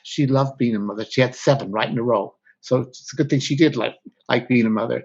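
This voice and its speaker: A man's voice: medium pitch, fairly quick, gravelly, husky. A man, a guest author, speaking candidly and reflectively in an interview, often breaking off mid-thought. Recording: slightly dull lo-fi audio.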